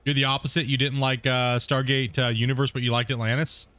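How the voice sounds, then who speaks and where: A man's voice: medium pitch, flat delivery, a little fast, fairly bright tone, no room sound. A man streaming a game from home, chatting casually with viewers and people in the house, laughing often. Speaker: gaming streamer. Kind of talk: casual live-stream chat.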